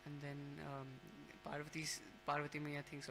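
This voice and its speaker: A man leading a temple scripture class, telling a devotional story in a casual, halting way, with many fillers and restarts. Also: on the high side, monotone, pushed and bright, a little hiss or hum, rough recording.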